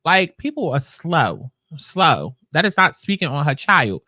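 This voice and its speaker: A man's voice: a little high, very animated, measured pace, bright, forceful tone, no echo, clean studio sound. A man with a New York accent hosting casual commentary, blunt and swearing freely. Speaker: commentary host.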